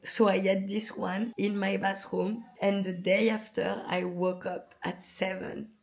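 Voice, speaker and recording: A woman's voice: medium pitch, unhurried, creaky. Chatty woman vlogger. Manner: chatty, animated, many filler likes and restarts. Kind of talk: casual storytelling to camera.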